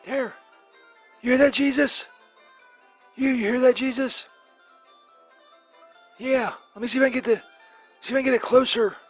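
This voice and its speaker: A man's voice: very high voice, fairly even intonation, moderate pace, long pauses, slightly rough, highs cut off, soft background music. A man voicing a crude, rambling Saint Peter who leaves a profane voicemail full of filler words, as a comedy bit. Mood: ranting.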